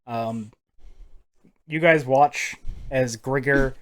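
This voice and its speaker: A man's voice: mid-range voice, extremely slow, fairly bright tone. Male game master, mid voice, casual and jokey, swears freely. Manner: casual, swearing, laughing often. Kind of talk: narrating a tabletop game.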